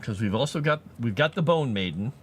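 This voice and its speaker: A man chatting casually with his live-stream audience while writing fantasy lore, animated and quick to laugh. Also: medium pitch, slight background noise. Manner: animated, chatty, laughs often, talks to chat.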